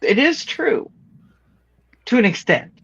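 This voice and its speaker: Playful Minnesotan woman, lively voice. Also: on the high side, slow pace, creaky, slightly rough, muffled recording. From southern Minnesota. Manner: playful, teasing, slips into folksy regional talk. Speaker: co-host. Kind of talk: casual group chat.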